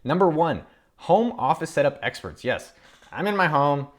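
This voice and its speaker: A man's voice: on the high side, big pitch swings, moderate pace. A man in his thirties, an entrepreneur hosting a casual talk to camera from his home office, running through a list of ideas with upbeat enthusiasm. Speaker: entrepreneur and YouTube host.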